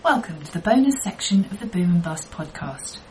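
A woman hosting a podcast, reading out measured scripted introductions. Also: on the low side, animated, very noisy. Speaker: podcast host.

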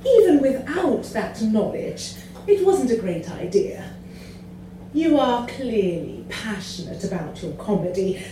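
A woman's voice: a little high, dark tone, slight background noise. A woman reading comic letters aloud in a prim, polite way, laughing now and then. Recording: echoey room from far off.

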